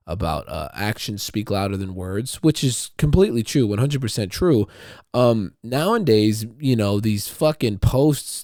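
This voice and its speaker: A man's voice: on the low side, a little mellow, no echo, studio quality. A man hosting a podcast, talking alone in a casual, rambling way with lots of swearing and repeated words. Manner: rambling, profane, repeats himself. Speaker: podcast host. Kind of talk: casual solo monologue.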